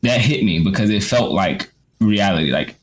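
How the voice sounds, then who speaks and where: A man's voice: on the low side, expressive, normal speed. A man co-hosting a podcast, speaking earnestly in casual chat, often restarting and repeating words. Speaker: podcast co-host.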